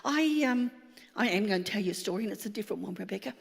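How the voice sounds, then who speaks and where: A woman, a pastor telling a lively personal story in a sermon, acting out the dialogue. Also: medium pitch, quick pace, creaky, long reverb tail. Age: 60s.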